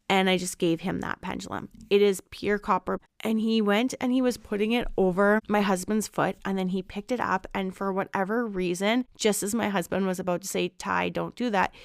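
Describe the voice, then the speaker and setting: Gravelly-edged, smooth-voiced woman host. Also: mid-range voice, dry recording, clean studio sound. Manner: candid, reflective monologue. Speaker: podcast host. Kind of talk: casual personal reflection.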